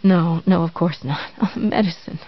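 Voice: medium pitch, normal speed, no echo, lightly acted. An injured, drugged man pleads in a weak, moaning voice, as an audiobook narrator puts him on. He sounds close to breaking. The recording is dry and slightly dull. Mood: desperate. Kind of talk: audiobook reading.

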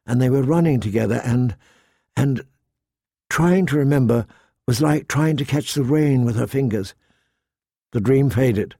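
A man narrating an audiobook in a measured, expressive storytelling manner. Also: mid-range voice, husky, no room sound, clean studio sound. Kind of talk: audiobook reading.

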